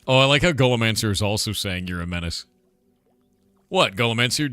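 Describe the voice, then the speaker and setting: A man's voice: lowish voice, expressive, a little fast, fairly bright tone, clear, resonant tone, dry recording. A man streaming a game, giving casual commentary and playfully teasing chat with silly mispronunciations. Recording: faint music behind.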